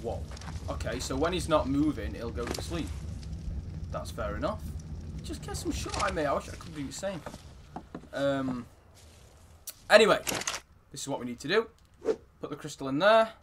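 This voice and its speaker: Excitable young man gaming, lively voice. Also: on the high side, moderate pace, long pauses, very noisy. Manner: excitable, swears often, shouts when surprised. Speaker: gaming YouTuber. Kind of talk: casual gameplay commentary.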